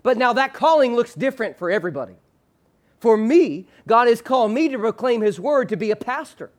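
A male pastor preaching a sermon. He leads the congregation in call-and-response, slows hard on the key phrase, and lets his phrase endings drop low and soft. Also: expressive. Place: church sanctuary with a screen behind him.

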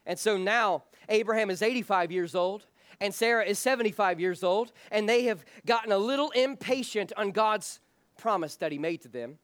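A male pastor with a high-pitched voice preaching a sermon. He talks in an earnest, frank way and often repeats the start of a phrase. The sound is close and dry, with no room echo. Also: moderate pace, a bit bright.

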